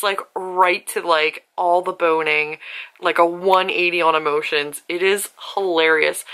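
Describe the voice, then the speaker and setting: Young female book vlogger, animated and gushing, crisp bright voice, home bedroom. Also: fairly low pitch. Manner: gushing and animated, quick asides, lots of "like". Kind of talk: casual vlog chat.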